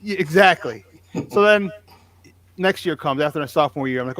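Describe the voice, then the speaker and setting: A man in his forties with a fairly high voice, co-hosting a sports podcast in a loose, chatty way. He tells lively stories, mimics the people in them and swears without restraint. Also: brisk. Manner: animated storyteller, acts out quotes, swears freely. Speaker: podcast co-host, former player and coach. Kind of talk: casual sports chat.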